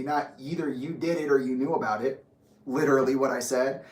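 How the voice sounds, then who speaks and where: A man's voice: medium pitch, brisk, a little mellow, recorded from a distance. Bitter, sarcastic man ranting in an echoey room. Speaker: vlogger telling his story. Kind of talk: angry personal monologue.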